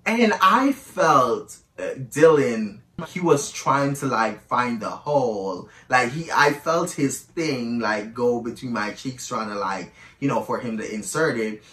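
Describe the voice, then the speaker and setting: A man's voice: medium pitch, expressive, slow, fairly bright tone, recorded from a distance. A man telling a candid personal story in a casual, chatty way, often calling the listener "girl", recorded in an echoey room a little away from the mic.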